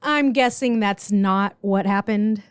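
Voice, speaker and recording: A woman co-hosting a podcast, prompting the story with curious questions and quick reactions. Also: mid-range voice, smooth, no room sound, studio quality. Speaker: podcast co-host asking questions. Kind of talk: casual chat.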